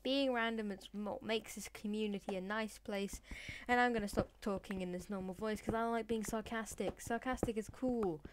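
A woman hosting a let's play on her gaming channel chatters randomly and sillily to in-game pets in a deliberately put-on voice. Her pitch is medium and her tone steady. The recording is noisy, with clicks.

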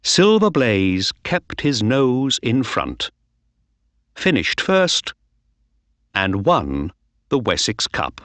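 A man reading a storybook aloud for learners, very slowly and clearly. His pitch moves widely and expressively, and the sound is close and dry. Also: no echo. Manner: slow, clear, lively reading. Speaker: narrator. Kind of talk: slow storybook narration for learners.

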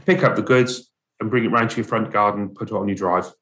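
A man's voice: on the low side, fairly quick, fairly bright tone. An English man co-hosting a podcast, chatting casually in short, plain remarks with light laughs. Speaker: podcast co-host. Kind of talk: casual chat.

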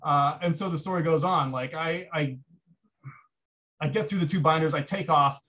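A man's voice: on the high side, normal speed, pushed and bright. Man telling a story in a keynote. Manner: anecdotal, conversational with restarts. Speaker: keynote speaker. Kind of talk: storytelling lecture.

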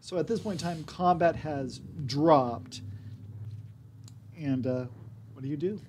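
A man running a tabletop game as game master, calmly giving rules calls and describing the action. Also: fairly high pitch, unhurried, a little hiss or hum.

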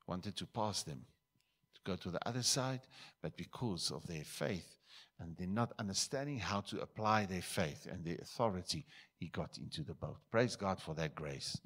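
A male pastor from South Africa preaching a sermon in a church, switching between loud emphatic bursts and quiet asides. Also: deep voice, creaky, breathy edge.

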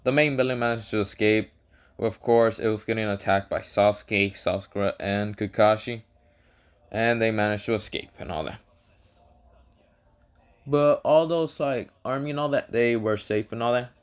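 A man with a fairly low voice tells a made-up adventure in a loose, casual way. He rambles, fills gaps with "like" and "um", and stops often to correct himself. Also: normal speed, smooth. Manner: rambling, filler-heavy, self-correcting. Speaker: storyteller. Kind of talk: casual fan-fiction storytelling.

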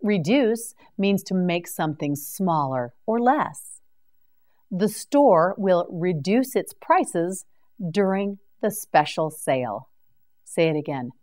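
A woman teaching English vocabulary in a slow scripted drill, carefully articulating each word and repeating it for practice. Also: on the low side, expressive, a little mellow.

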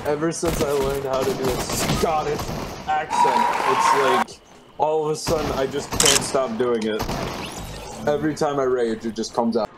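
A man streaming a game in casual chat, excitable and laughing, swearing when he rages. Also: medium pitch, moderate pace, very noisy. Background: loud game music and gunfire.

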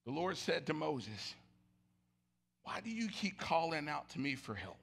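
A pastor with a high, gravelly voice preaching a sermon to his church. His tone is bright and sharp, and he swings between loud shouts and low, hushed murmurs. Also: very animated, a little slow. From Southern United States. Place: church sanctuary.

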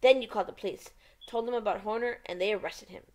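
A woman reading the part of a cool, commanding male detective in a measured, authoritative way. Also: medium pitch, lightly acted. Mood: accusing.

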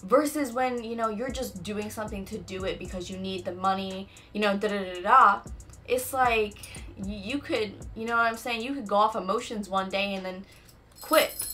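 A woman's voice: medium pitch, normal speed, pushed and bright, faint music behind. A young adult woman hosting a casual faith-based talk, chatty and full of "you know what I'm saying.". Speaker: podcast host.

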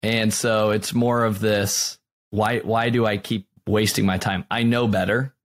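A man's voice: lowish voice, level tone, a little slow. A man hosting a podcast, talking casually and reflectively and often ending with "right?". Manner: reflective, frequent tag "right?". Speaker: podcast host. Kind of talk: casual interview chat.

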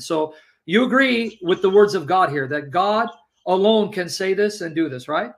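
A man's voice: high voice, lively intonation, moderate pace, low-quality recording. A man in a live religious debate, pressing his opponent with questions and reading scripture aloud. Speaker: Christian debater.

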